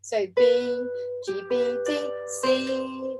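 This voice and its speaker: A woman's voice: sits high, steady tone, a little slow, loud music behind the voice, rough recording. A woman teaching a harp group over a video call, counting beats aloud and humming the tunes. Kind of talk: online group music lesson. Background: harp playing.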